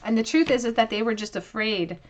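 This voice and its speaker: A tarot reader offers her viewers a pick-a-card reading in a slightly high, brisk voice, with noise in the background. She sounds earnest and reflective, drawing out key phrases to give them weight.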